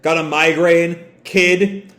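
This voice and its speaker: A man's voice: a little high, level tone, slow pace, a bit bright. A man voicing a huge, menacing female pirate matriarch who cackles and mocks, read aloud from a comic. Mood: cackling. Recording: roomy echo.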